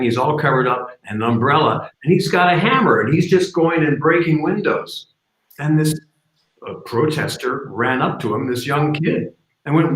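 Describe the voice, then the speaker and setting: Animated man hosting, echoey room. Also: a little high. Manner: animated storytelling. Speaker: show host. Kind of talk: casual talk show discussion.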